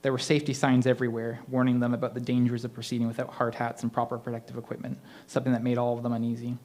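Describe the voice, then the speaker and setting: A man at an open mic reading his own spooky story aloud in a steady, measured way. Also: mid-range voice.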